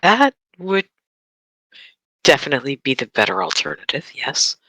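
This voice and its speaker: A player in a tabletop horror campaign, talking in character in a measured, formal way. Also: medium pitch, lively intonation, vocal fry, sharp tone, breathy edge, no echo, poor audio. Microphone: desk mic for an online stream.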